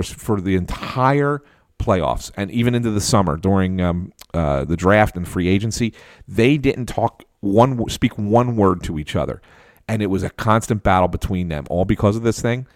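A man who covers hockey, telling a casual story with animated delivery, frequent restarts and laughs. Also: on the low side, normal speed, no echo, clean studio sound. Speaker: hockey reporter guest.

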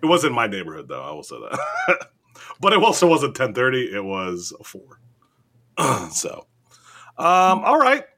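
A man co-hosts a laid-back podcast, reading news items aloud and joking around, laughing often. His mid-range voice swings hugely in pitch, unhurried yet pushed and bright.

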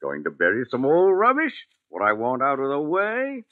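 A man's voice: medium pitch, huge pitch swings, normal speed. A sly handyman. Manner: folksy, teasing, drawling dialect. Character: sly rustic male handyman, sinister joker. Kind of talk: 1940s radio acting. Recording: tinny 1940s radio broadcast.

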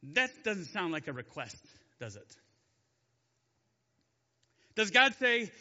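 A male Bible teacher tells the story casually, cracking jokes and asking his listeners questions. His voice is high and very bright. It is recorded in a long-echo hall with a slightly dull sound. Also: very animated, slow pace, pauses often. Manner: chatty, jokey, asks the audience questions.

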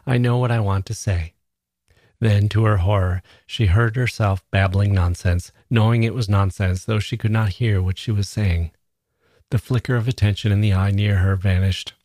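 Low-voiced man reading literary fiction. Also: steady tone, moderate pace, a little mellow, dry recording. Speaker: narrator.

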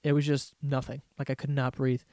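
A man's voice: medium pitch, monotone, fairly quick, a little mellow, no room sound, clean studio sound. A young man rambling through profane, laugh-filled stories as the host of a casual comedy podcast.

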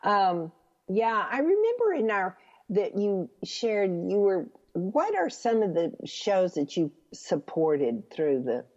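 A woman's voice: medium pitch, very animated, takes it slowly, darkish tone. A woman hosting an interview, prompting her guest with encouraging questions. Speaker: host. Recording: dull echoey recording.

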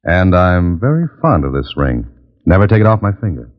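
A deep-voiced wisecracking hero. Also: male voice, sing-song, brisk. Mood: confident. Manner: dry, wisecracking. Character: wisecracking male adventurer, narrator and hero. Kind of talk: 1940s radio acting. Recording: dull old radio recording.

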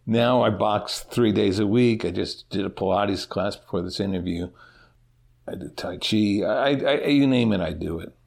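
A man's voice: lowish voice, normal speed, gravelly, a little mellow. An older man, a teacher, talking candidly in an interview and telling stories with a self-deprecating touch. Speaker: interview guest. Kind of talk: casual interview.

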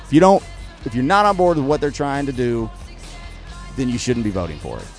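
A man's voice: mid-range voice, big pitch swings, brisk, faint music behind. A man hosting a podcast, ranting bluntly and with exasperation about politics, recorded at an outdoor market. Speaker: podcast host. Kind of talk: opinionated political rant.

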